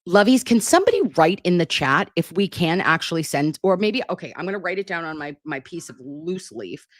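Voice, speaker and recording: A woman's voice: lowish voice, big pitch swings, a little fast, no room sound, clean studio sound. Chatty middle-aged woman livestreaming. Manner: chatty, affectionate, self-deprecating. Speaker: livestream host. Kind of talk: casual livestream chat reading viewer comments. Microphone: computer mic at a desktop.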